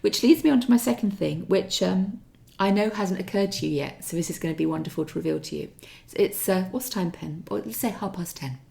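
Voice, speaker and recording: Teasing gravelly-voiced woman. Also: fairly low pitch, a little fast, a little mellow. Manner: teasing, dry wit. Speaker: podcast co-host. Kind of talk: casual chat.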